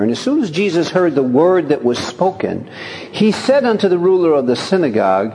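Folksy preacher guy chuckling thru his sermon, kinda high voice, big hall echo. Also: normal speed. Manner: lively, chuckling, folksy, reads scripture aloud. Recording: long hall reverb.

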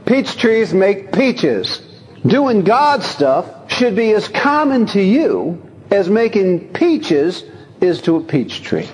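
Lively chuckling preacher in a reverberant hall. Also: male voice, high voice, slow pace. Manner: lively, chuckling, folksy, reads scripture aloud. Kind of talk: sermon.

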